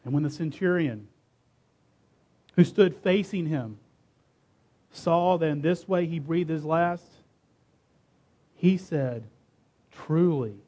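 A man with a high voice delivers a sermon, reading scripture aloud with dramatic emphasis. He leans hard on key words and slows down to stress them. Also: dark tone. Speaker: preacher.

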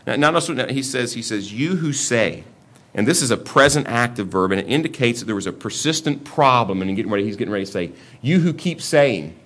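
A man's voice: mid-range voice, expressive, quick pace, a bit bright. A middle-aged man preaching a sermon in a conversational way, often repeating words as he restarts his sentences. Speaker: pastor.

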